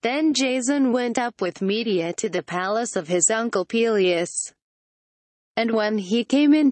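A woman narrating an old storybook aloud in an even, measured way, pausing briefly between phrases. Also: medium pitch, dry recording. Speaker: audiobook narrator.

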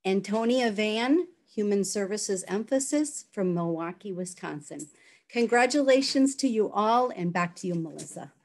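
A woman giving a formal, measured commencement address and reading out the names of graduates. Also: mid-range voice, expressive. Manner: measured, congratulatory. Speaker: education program speaker.

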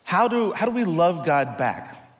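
A man's voice: sits high, big pitch swings, a little slow. A man from the United States preaching a sermon as pastor, telling a story and acting out the dialogue. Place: church hall. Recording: reverberant church hall.

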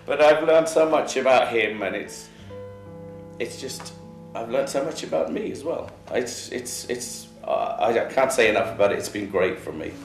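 A man plays Jesus as a dad with an Irish accent, halting and rambling through restarts. His voice sits in a middling register. The sound is roomy and echoey, with faint music underneath. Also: mid-range voice, animated, lightly acted. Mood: earnest. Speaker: reality show star. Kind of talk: comedic film acting.

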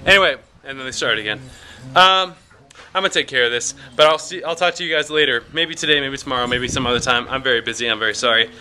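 Young male vlogger, bright tone, loose rambling delivery, self-deprecating humor. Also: mid-range voice, fast talker. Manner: rambling, jokey and self-mocking, with many fillers. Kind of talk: casual vlog chat.

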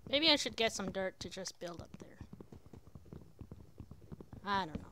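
A woman's voice: medium pitch, expressive, a little slow, pauses often, fairly bright tone. A woman giving casual gameplay commentary, chatty and talking to herself with sudden exclamations. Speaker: let's player.

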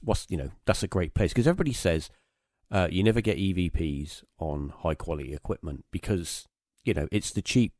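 A man's voice: sits low, mellow, no room sound, studio quality. A man hosting a podcast, telling a long anecdote in a rambling, casual way with plenty of fillers. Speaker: podcast host. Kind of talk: casual conversation, storytelling.

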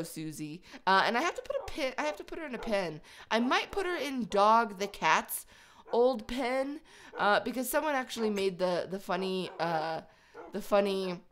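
A woman's voice: lowish voice, fairly bright tone. Chatty gamer lady talking to her pets while she plays, voice bouncing all over. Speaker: let's play host. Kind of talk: video game commentary.

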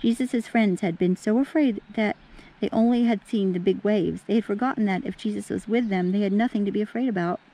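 A woman teacher reading a picture storybook aloud to children in an animated way, stopping to speak to the kids directly. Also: mid-range voice, fairly quick. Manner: animated, talks to the kids between passages.

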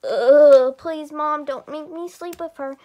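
A timid, whiny girl doll, played by a young female player who pleads and protests. The voice is fairly high and drawn out, moving slowly through each complaint. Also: dark tone. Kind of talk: toy doll role-play.

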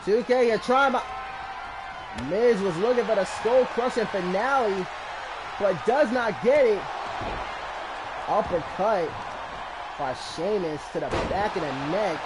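A man commentating a wrestling match as a fan, emotional and shouting at the action. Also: high-pitched, unhurried, long pauses, a crowd in the background, noisy background. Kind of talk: excited fan commentary on a video game match.

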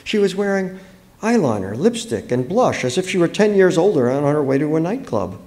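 An author from the United States giving an expressive, dramatic public reading of his own fiction at a book fair. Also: a little high, fairly quick.

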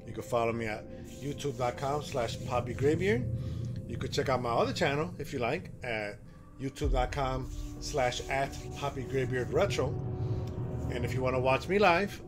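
A man hosting a horror game playthrough, reacting excitably and talking to himself as he plays. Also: medium pitch, normal speed, music in the background. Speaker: gaming channel host.

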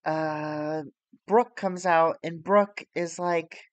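With a medium-pitched voice, fairly even intonation, and drawn-out words, this streamer comments casually on a live stream, recorded without echo. Playing a wrestling booking sim, he rambles, swears, and recaps storylines.

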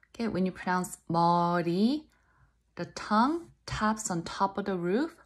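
A woman giving a language lesson, patiently repeating each syllable slowly and clearly for learners. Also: fairly low pitch, lively intonation. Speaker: language teacher. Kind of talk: slow pronunciation lesson.

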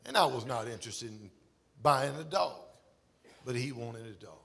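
A middle-aged male pastor preaching a sermon in a church, emphatic with shouts and exclamations. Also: medium pitch, normal speed, vocal fry. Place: church sanctuary.

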